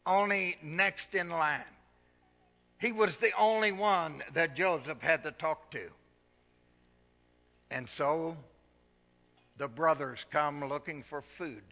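A man preaching a sermon, moving between quiet storytelling and loud, emphatic passages. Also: on the high side, in a large hall. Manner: swells from soft to loud preaching.

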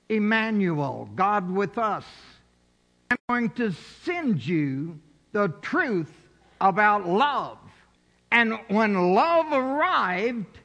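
High-voiced preacher in a echoing hall. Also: male voice, pushed and bright. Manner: preaching with emphatic, rising exhortations. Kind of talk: sermon. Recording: dull sound in a reverberant hall.

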